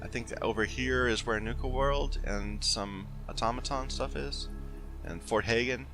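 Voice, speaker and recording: A man's voice: mid-range voice, normal speed. A man giving casual gameplay commentary as he plays, rambling and searching for words. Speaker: gaming video host. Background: game music and audio.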